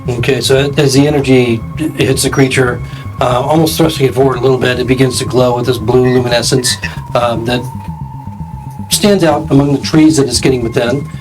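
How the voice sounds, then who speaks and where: Guy running a tabletop game, lots of um pauses while he describes stuff, middle pitch, faint music in the back. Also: fairly even intonation, low-quality recording. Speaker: game master.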